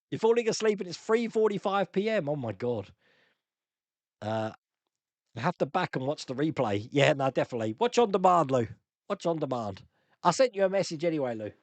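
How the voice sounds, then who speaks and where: A chatty man hosts a casual live-stream Q&A, laughing often as he answers viewer comments. His voice sits a little high and swings up and down with animation. The sound is close and dry. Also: very animated, moderate pace, pauses often, dry recording.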